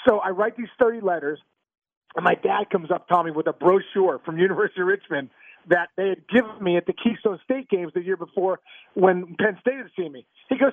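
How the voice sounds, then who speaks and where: A man telling stories as an interview guest, animated and stammering through restarts, laughing as he goes. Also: sits high, fairly quick, dry recording. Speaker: guest, former pro ballplayer. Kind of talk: casual storytelling interview. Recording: tinny phone-line sound, dry.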